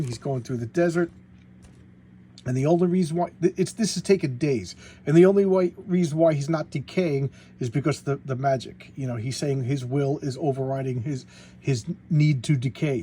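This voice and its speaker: A man's voice: mid-range voice, mellow, a little hiss or hum. A man casually retelling comic book plots as a collector, rambling with frequent stumbles and restarts. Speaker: comic book collector reviewing back issues. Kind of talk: casual spoken comic review.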